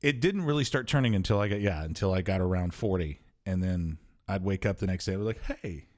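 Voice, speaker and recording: A man in his forties co-hosting a casual podcast chat, telling stories and acting out quoted lines with big leaps in his voice. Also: fast talker. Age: 40s. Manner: animated storyteller, acts out quotes with big pitch jumps. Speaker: podcast co-host.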